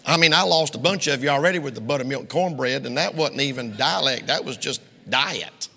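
A man with a Southern US accent preaching a sermon in a church, emphatic and pressing his points, sometimes rising to a shout. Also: medium pitch, a little fast, gravelly. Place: church sanctuary. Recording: long hall reverb.

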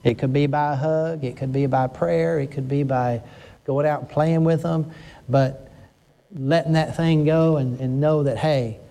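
An older man, a pastor, gives an emotional sermon in an unhurried, creaky, mellow voice with a steady tone. When stirred his pitch goes up, and he repeatedly abandons sentences to start over.

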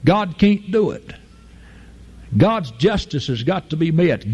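A man preaching a fervent, folksy sermon, leaping to high emphatic peaks and slowing down to draw out key phrases. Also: big pitch swings, darkish tone, husky. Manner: fervent, with sudden jumps to a high emphatic pitch and drawn-out slow phrases; folksy, informal grammar, addresses listeners as folk.

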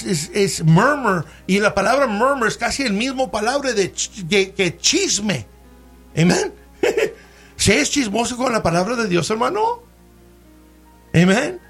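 A man's voice: very high voice, a bit bright, breathy edge. A man preaching a bilingual sermon, switching between English and Spanish and calling out for amens from the congregation.

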